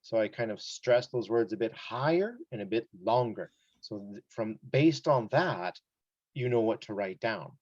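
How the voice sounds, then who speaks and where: A man's voice: fairly low pitch, expressive, unhurried, a little mellow, dry recording, highs cut off. A man teaching an English test-prep lesson one-on-one, explaining casually with examples and many fillers.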